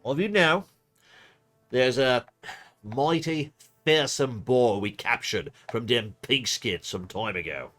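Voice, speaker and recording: A man voicing a boastful male goblin villager, drawling out a dare slowly and loudly. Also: mid-range voice, expressive, faint music behind.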